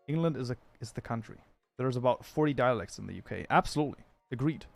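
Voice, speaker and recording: A man's voice: mid-range voice, animated, quick pace, vocal fry, faint music behind. Chatty male streamer rambling to chat. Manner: rambling, chatty, thinks aloud with fillers and restarts. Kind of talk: casual livestream chat while modding a game.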